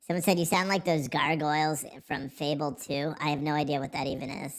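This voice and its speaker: A man's voice: fairly high pitch, little pitch movement, fairly quick, slight background noise. A man hosting a casual livestream, joking, rambling and swearing freely as he reads the chat. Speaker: livestream host.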